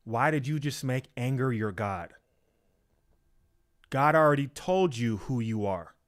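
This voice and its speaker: A man preaching an informal sermon, emphatic and repetitive, acting out quoted excuses in a higher voice. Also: expressive, measured pace.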